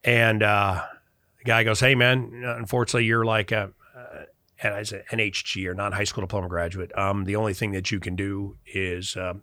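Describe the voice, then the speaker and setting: Brief: middle-aged man from Chicago, bright voice, dry close sound, lively storyteller. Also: fairly low pitch, moderate pace, dry recording. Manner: animated, acts out quoted dialogue. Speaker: guest. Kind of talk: casual storytelling in conversation.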